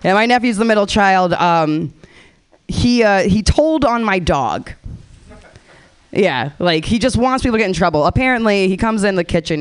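A woman in her thirties doing a stand-up set, rambling with dark deadpan humor and acting out quotes. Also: medium pitch, normal speed, smooth. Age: 30s. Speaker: stand-up comedian.

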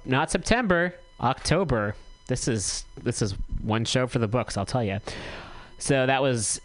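A man's voice: medium pitch, poor audio. Chatty man reading notices on radio. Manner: chatty, self-correcting, reads notices aloud. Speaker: radio host. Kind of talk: casual community radio talk.

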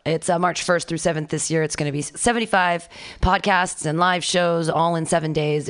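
A woman's voice: on the low side, steady tone, brisk. A woman hosting a live comedy show, making upbeat announcements and introducing acts. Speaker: show host.

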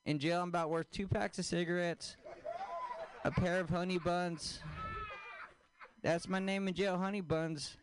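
A man doing a stand-up comedy set, deadpan, with crude punchlines and questions thrown at the audience. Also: sits high, measured pace, long pauses, a crowd in the background.

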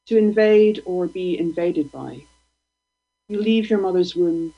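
Woman reading poetry, gravelly, husky, slow deliberate delivery, dull lo-fi stream. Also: lowish voice. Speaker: guest poet.

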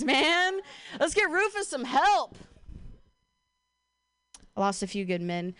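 A young woman from Ohio working through a stand-up set in a voice pitched a little high. She talks casually and swears freely, keeps a deadpan tone and laughs at her own lines. The sound is close and dry, with almost no room around it. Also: clear, resonant tone, no echo. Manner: casual, profane, deadpan delivery with frequent laughs. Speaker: stand-up comedian.

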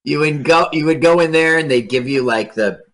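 A man's voice: a little high, fairly quick, fairly bright tone. A man co-hosting a casual comedy show, joking and laughing often. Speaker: podcast co-host. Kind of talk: casual comedic chat over a video.

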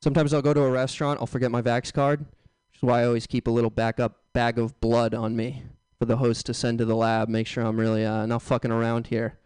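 A young man doing a stand-up comedy set on a club stage, bantering loudly with the crowd and breaking into sudden yelps. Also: mid-range voice, monotone, a little fast, clean tone, dry recording. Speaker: stand-up comic.

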